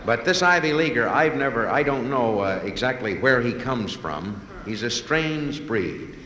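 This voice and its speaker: Rambling comedian in an echoey hall. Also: male voice, mid-range voice, animated, a little slow. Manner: rambling, playful, drifts into voices. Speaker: stand-up comedian. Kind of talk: improvised stand-up monologue. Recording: old live recording, echoey hall, loud hiss.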